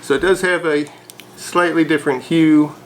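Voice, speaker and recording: A man vlogging a casual unboxing of a fountain pen, chatty and relaxed with frequent hesitations. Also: a little high, normal speed, slight background noise, low-quality recording.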